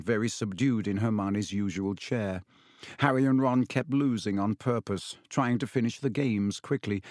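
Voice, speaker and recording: A man narrating an audiobook in an even, measured storytelling manner. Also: lowish voice, dry recording, studio quality.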